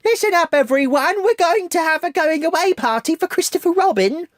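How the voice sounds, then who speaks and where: A man doing an angry high British rabbit. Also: expressive, fairly quick, no room sound, studio quality. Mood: bossy.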